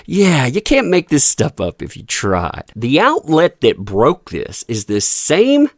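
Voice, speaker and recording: A man's voice: huge pitch swings, takes it slowly, dry recording, clean studio sound. A man hosting a mocking news commentary show, sarcastic and laughing often as he talks. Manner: sarcastic, laughing often, big swings in pitch. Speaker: commentary channel host.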